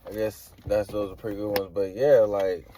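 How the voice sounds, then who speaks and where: A man's voice: on the low side, level tone, normal speed, warm tone, slight background noise. A man giving a casual tarot reading, rambling and hedging with slangy filler talk. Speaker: tarot reader.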